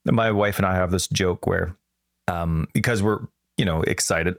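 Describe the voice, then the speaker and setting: A man co-hosts a podcast with a somewhat low voice. He rambles and jokes his way through casual chat. The recording is dry, with no room sound. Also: fairly quick, no echo. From Canada. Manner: rambling, joking storyteller. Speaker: podcast co-host.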